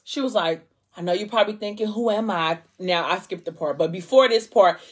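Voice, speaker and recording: A young adult woman talks through a story in a loose, chatty way, dropping into the characters' lines as she retells it. Her voice is husky and breathy, sitting at an ordinary middle pitch. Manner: chatty, acts out quoted lines with shifting tone. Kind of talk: casual story recap.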